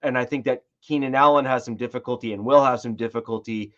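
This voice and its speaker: A man's voice: medium pitch, fairly even intonation, quick pace, a bit bright. Man, sports podcast co-host, rambling, restarts a lot, slightly dull audio. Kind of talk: casual sports chat.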